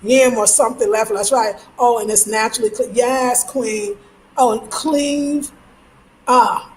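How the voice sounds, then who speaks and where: A woman's voice: on the high side, slow pace, a little mellow. A young woman with a New York accent, chatting on a casual livestream, reading comments aloud and laughing often. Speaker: livestream host. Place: home. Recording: echoey room, faint noise.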